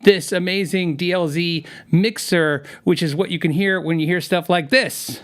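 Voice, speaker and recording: A man hosts his own live stream, talking loosely and telling stories on the fly. His voice sits a little on the high side, close on a studio microphone. He laughs easily and wanders off on tangents. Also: moderate pace, fairly bright tone. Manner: chatty, rambling, laughs often. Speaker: podcast host. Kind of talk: casual live-stream chat. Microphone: studio mic with headphones.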